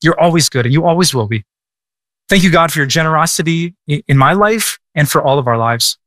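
Male pastor, higher-pitched voice, casual and halting with lots of restarts, dry close recording. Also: animated, a bit bright, dry recording. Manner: casual, many stammered restarts and repeated words. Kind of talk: prayer and answering a listener question.

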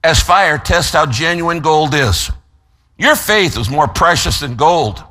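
A man preaching a sermon as pastor, emphatic, slowing down to stress key phrases and telling listeners what to write down. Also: on the high side, lively intonation, sharp tone. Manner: gives note-taking instructions to listeners.

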